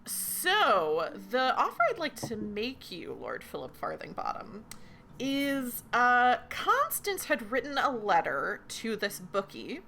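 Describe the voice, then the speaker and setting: A woman's voice: on the high side, wildly swooping pitch, slow pace, gravelly, sharp tone, a little hiss or hum. A woman facilitating a tabletop role-playing game, chatty and full of fillers. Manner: chatty, many ums and likes, giggly.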